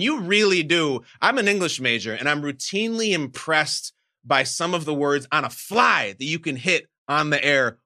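A man's voice: on the high side, bright, forceful tone. A man hosting an interview with quiz questions, playful and teasing. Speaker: host.

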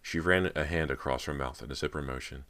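A man narrating a horror audiobook in a measured, steady reading. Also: a bass voice.

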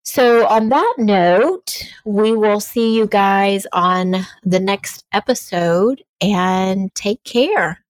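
A woman's voice: mid-range voice, extremely slow, few pauses, no room sound, poor audio. A woman hosting a podcast, giving a friendly, upbeat sign-off. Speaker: podcast host wrapping up. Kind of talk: casual chat.

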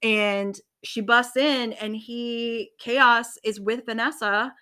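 Woman book reviewer, casual profane chat, bright voice. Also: a little high, takes it slowly. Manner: profane, animated retelling with acted-out quotes.

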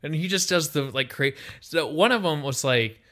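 This young man's voice is fairly high and moves at normal speed as he co-hosts a casual podcast. He recounts stories animatedly, playing out the quotes.

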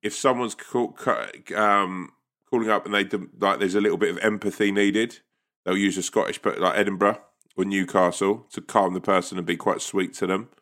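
A man's voice: low voice, steady tone, moderate pace, a bit bright. A man in casual podcast banter, swearing freely and acting out little voices in his stories.

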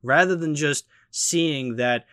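A man hosting a casual movie podcast, giving animated, critical opinions with lots of fillers. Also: a little high, takes it slowly, no room sound, clean studio sound. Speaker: podcast host. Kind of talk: casual movie review chat.

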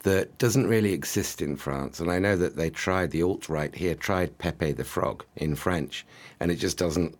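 A man talking political analysis in casual chat, measured and hedging with ums. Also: low voice. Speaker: podcast guest commentator.

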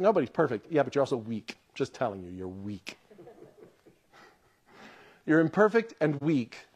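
Male pastor, somewhat high voice, lively storyteller who acts out quotes mid-sermon.

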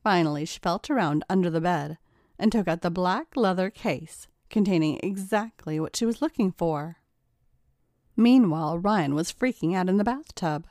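A woman's voice: fairly low pitch, normal speed, darkish tone, no echo. Woman narrating a story in a dry, close recording. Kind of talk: scripted narration.

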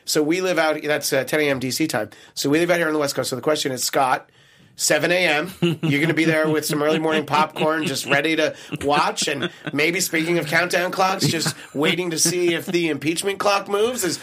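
A man hosting a comedy news talk show, with a slightly nasal voice and quick, jokey banter. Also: a little high, steady tone, fairly bright tone. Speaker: host.

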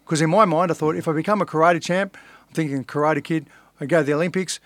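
Middle-aged Australian man, somewhat high voice, blunt storyteller who swears and acts out quotes, dry close mic. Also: steady tone, fast talker, a bit bright, dry recording. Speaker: podcast guest, fighter. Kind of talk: casual storytelling.

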